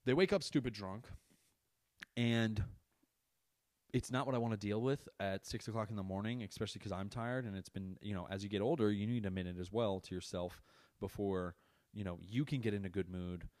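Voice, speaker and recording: Low-voiced, swearing man ranting casually. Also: fairly even intonation, brisk, darkish tone, no echo, studio quality. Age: adult parent. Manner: profane, exasperated ranting. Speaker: podcast host. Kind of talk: casual monologue.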